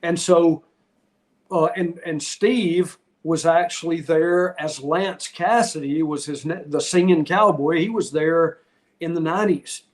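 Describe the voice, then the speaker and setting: A middle-aged man talks as a podcast guest, his voice sitting a touch higher than most men's. He tells stories candidly and from the heart. He rambles and restarts his sentences often. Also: fairly even intonation, unhurried. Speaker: podcast guest, retired wrestler. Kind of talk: casual interview storytelling.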